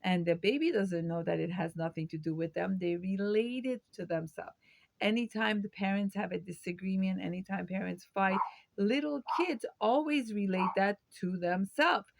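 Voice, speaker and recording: Woman with a low gravelly voice, dry close sound, talking thru questions to camera in her own video. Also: moderate pace, no echo. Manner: reflective, poses rhetorical questions, occasional fillers. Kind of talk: educational monologue to camera.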